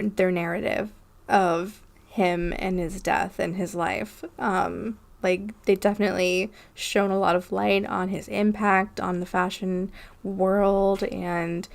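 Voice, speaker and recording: A woman co-hosting a casual podcast, talking in an unhurried way with frequent ums and laughs. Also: mid-range voice, vocal fry. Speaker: podcast co-host.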